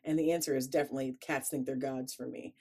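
A woman's voice: extremely low pitch, steady tone, fast talker, warm tone, slightly rough. A woman with a Chicago accent co-hosting a podcast, chatting in a playful, rambling way and laughing easily. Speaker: podcast co-host. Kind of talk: casual chat.

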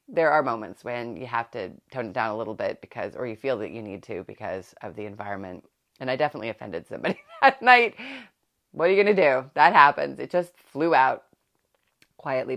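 A woman's voice: very deep voice, gravelly. A middle-aged woman hosting a parenting podcast, talking in a chatty, reflective way with frequent laughs and restarts. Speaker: podcast host.

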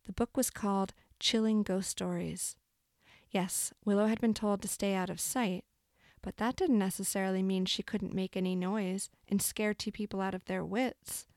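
A woman reads a story aloud in a measured, expressive way, her mid-range voice carrying a gravelly, creaky edge. The recording is close and dry, without room echo. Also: medium pitch. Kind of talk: audiobook narration.

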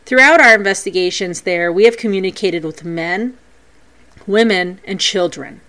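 A medium-pitched woman talks at a moderate pace as she hosts a podcast, narrating her paranormal investigations in a scripted yet lively, playful way.

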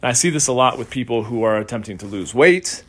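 A man hosting a casual solo podcast as a coach, telling a story in a relaxed, conversational way. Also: mid-range voice, quick pace. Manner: conversational storytelling, acts out quoted voices.

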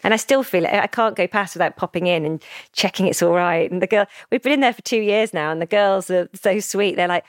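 A woman, a founder telling her story in a casual interview, animated and emotional, acting out what others said. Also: mid-range voice, a little fast, hardly any pauses, dry recording, clean studio sound. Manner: animated, emotional storyteller who acts out quoted speech. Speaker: founder of a children's brand, podcast guest.

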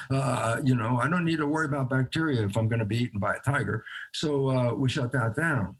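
Husky guy explaining science in an interview, plays both sides of the chat, chuckles a lot. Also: medium pitch, brisk, hardly any pauses. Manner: animated storyteller acting out both sides of a dialogue; chuckles between phrases. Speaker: guest scientist.

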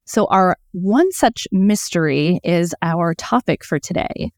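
A woman co-hosting a casual podcast, telling a mystery story in a chatty way. Her voice is low and smooth, with a lot of "um" and small restarts. The sound is close and dry, with no room around it. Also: expressive, slow pace, a little mellow, no echo. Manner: chatty, many fillers and self-corrections. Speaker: podcast co-host.

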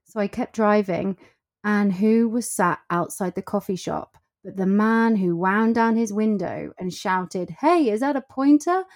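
A woman guest in casual conversation, telling stories in an animated way and acting out what people said. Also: mid-range voice, unhurried. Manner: animated storyteller, acts out quotes.

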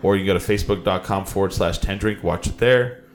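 Loose-talking lower-voiced male host. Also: fast talker, slight background noise. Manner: loose, apologetic, rambling with restarts. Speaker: show host. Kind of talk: casual chat. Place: small studio.

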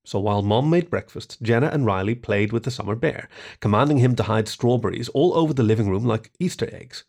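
A man narrating a short story in an expressive reading voice. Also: mid-range voice, brisk, creaky.

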